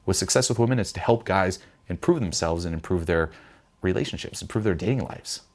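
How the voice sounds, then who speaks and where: A young man giving blunt, profane self-help advice, mimicking panicked voices in a higher pitch. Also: a little fast, a little mellow. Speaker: vlogger giving life advice. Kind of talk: direct-to-camera self-help talk.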